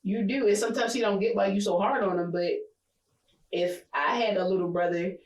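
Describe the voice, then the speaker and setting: Woman co-host, middle pitch, frank and profane storyteller, recorded in a roomy space. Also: brisk. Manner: candid, profane storytelling, animated laughs. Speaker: podcast co-host. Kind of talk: casual chat.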